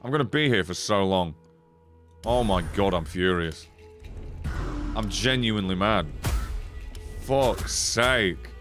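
Slow and pausing often, his lowish voice carries on the card game stream, swearing, animated and engaging viewers. Faint music plays behind him.

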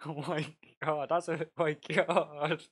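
A man live-streaming a game, giggling constantly and yelping excited exclamations between casual chat. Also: fairly high pitch, a little slow, slightly rough. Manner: giggly, laughing through his words.

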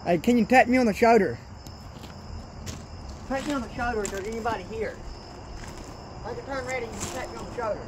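Filmed outdoors at night on a tripod-mounted camera, a ghost-hunting vlogger narrates casually and nervously to viewers, repeating phrases again and again. The mid-range voice is brisk with long pauses, over a noisy background.

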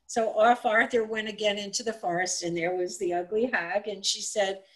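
Animated, chatty woman storyteller. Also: medium pitch, moderate pace, few pauses, rough recording. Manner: animated, chatty, with asides and restarts. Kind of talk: casual live-streamed storytelling.

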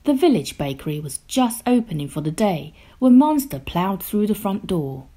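A woman reading a children's picture book aloud, slow, gentle and expressive, sometimes dropping to a hush. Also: medium pitch. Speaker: storyteller.

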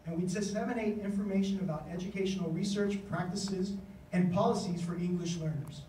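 A man giving a conference speech as an education official, telling stories in a lively way and acting out the voices he quotes. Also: sits high, brisk, echoey room, recorded from a distance, slight background noise, low-quality recording. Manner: animated storytelling, acts out quoted voices. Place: conference hall.

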